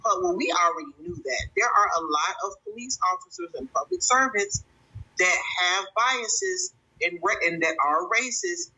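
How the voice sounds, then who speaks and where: Bright-voiced woman commentating, indignant. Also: mid-range voice, sing-song, rough recording. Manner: indignant, halting, many fillers. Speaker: stream host. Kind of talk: commentary on a viral clip.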